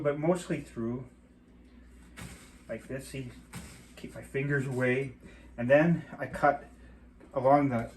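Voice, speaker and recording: A middle-aged man from Michigan's Upper Peninsula hosting a casual home cooking demonstration, chatty and rambling with mild cursing, in a home kitchen. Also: fairly high pitch. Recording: clear chopping noise behind voice. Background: knife chopping and clicks.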